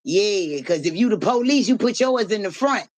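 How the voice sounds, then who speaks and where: A woman's voice: mid-range voice, lively intonation, normal speed, a little mellow. A woman hosting a live stream in casual talk, repeating rhythmic, profane hype chants to her viewers.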